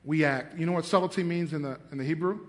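A middle-aged man preaching a sermon, animated, acting out scenes in changing voices and laughing often. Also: fairly high pitch, quick pace. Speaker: pastor.

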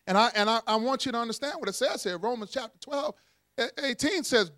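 A man's voice: very high-pitched, quick pace, no room sound, studio quality. A man preaching a sermon, calling on the congregation to repeat after him and telling stories with laughs. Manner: call-and-response preaching, animated storytelling with laughs. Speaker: pastor.

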